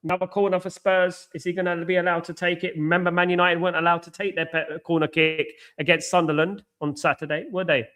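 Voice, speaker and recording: This is a man hosting a live football watchalong stream. His voice sits a little high, and he talks in an excitable, chatty way, reacting to the play and calling out to viewers by name. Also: quick pace, hardly any pauses. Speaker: watchalong host.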